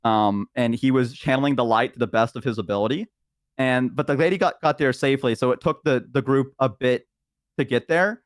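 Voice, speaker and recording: A man's voice: mid-range voice, fairly quick, no echo, studio quality. Rambling man retelling a story. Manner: rambling storyteller with many fillers. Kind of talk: casual chat.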